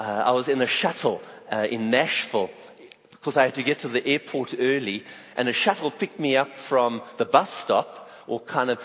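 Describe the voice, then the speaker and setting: A South African man preaching a sermon in a church auditorium, telling stories and stressing key words. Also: mid-range voice. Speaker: pastor. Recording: echoey hall, dull lo-fi sound.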